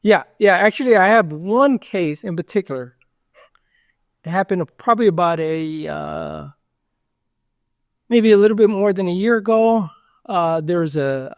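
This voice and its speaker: Gravelly man telling a story. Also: a little high, no echo, studio quality. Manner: rambling, many fillers and quoted dialogue. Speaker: interview guest. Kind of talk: casual storytelling.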